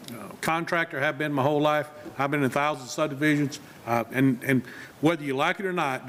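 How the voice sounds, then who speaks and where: A man's voice: on the high side, a bit bright, slight background noise. A man who works as a contractor giving a firm, blunt public comment at a county meeting, with rhetorical questions. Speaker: resident and construction contractor. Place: county commission meeting room.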